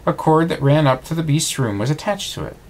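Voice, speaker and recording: A man reading a bedtime storybook aloud, with expressive reading. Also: fairly high pitch, brisk.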